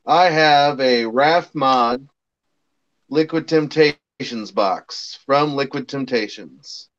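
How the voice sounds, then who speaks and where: A man's voice: mid-range voice, slow pace, fairly bright tone. A man explaining vaping gear in a patient, step-by-step way during a casual chat, on a dull lo-fi recording.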